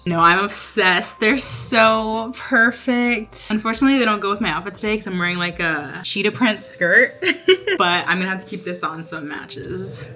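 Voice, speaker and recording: A woman crochet artist chatting casually to her camera in a vlog, bubbly and quick to laugh. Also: medium pitch, pushed and bright, faint music behind, rough recording. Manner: chatty and bubbly, laughs often, says "y'all".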